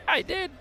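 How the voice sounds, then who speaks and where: A man streaming as he watches an esports match, talking in casual banter with loud joking outbursts and teasing.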